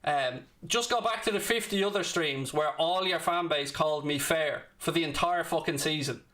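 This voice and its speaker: A young man hosts a live football watchalong, commentating on the match while ranting and swearing back at his chat. His voice is a little high and a bit bright, at normal speed.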